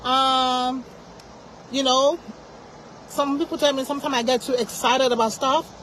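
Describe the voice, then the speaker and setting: A woman's voice: high voice, fairly even intonation, a little slow, fairly bright tone, slight background noise, low-quality recording. A woman hosting a faith channel, speaking in a fired-up, emphatic, preachy way with many restarts. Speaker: Christian channel host. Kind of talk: passionate faith talk to camera.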